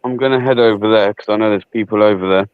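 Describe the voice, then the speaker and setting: A man's voice: fairly low pitch, steady tone, quick pace, clear, resonant tone, no room sound. A man co-hosting a live stream in laid-back, chummy casual chat, heard over a tinny phone-line connection.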